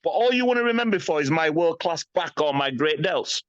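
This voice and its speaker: A man in his fifties, guesting on a podcast, speaks a little fast in a slightly high voice with lively intonation, and there's no room sound. His candid interview talk is blunt and emphatic, full of free swearing and frequent "you know what I mean." The sound is slightly dull and lo-fi.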